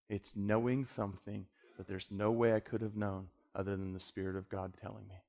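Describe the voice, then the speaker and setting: A man preaching a sermon, telling a story with lively quoted dialogue and dropping to a quiet voice for the tender parts. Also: on the low side, a little fast, creaky, few pauses. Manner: animated storyteller, voice drops quiet for emotional moments.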